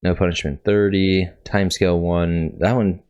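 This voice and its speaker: A man's voice: low voice, fairly even intonation, moderate pace, darkish tone, smooth, lo-fi sound. A man hosting a casual coding tutorial, thinking aloud and correcting himself as he goes, sounding congested. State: congested, coughing.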